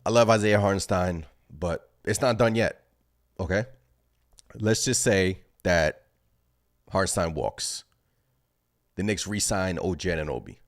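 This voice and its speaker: Male fan-channel host, very low voice, excitable and rambling, live reaction stream. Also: measured pace, long pauses. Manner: excited, rambling, thinks aloud.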